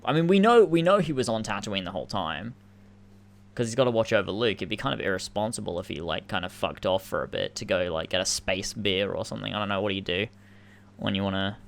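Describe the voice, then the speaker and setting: Rambling man with a low voice. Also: gravelly, fairly bright tone. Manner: rambling, lots of fillers and restarts; laughs while explaining. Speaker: podcast co-host. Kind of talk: casual chat.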